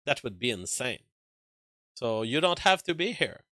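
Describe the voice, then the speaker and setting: Very animated yet measured in pace, a man with a French accent hosts a casual livestream, reading chat and arguing back at it with lots of fillers and restarts. His medium-pitched voice is bright and forceful, in a dry recording.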